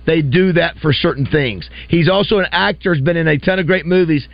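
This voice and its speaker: A man's voice: on the high side, brisk, gravelly. A man hosting a morning radio show, bantering animatedly and teasing his co-host with hints. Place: radio studio. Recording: dry, dull radio studio sound.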